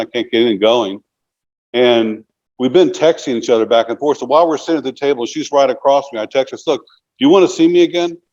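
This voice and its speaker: A man's voice: mid-range voice, darkish tone, highs cut off. A man in his sixties, an interview guest telling long casual stories, rambling and filling them with "you know". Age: 60s.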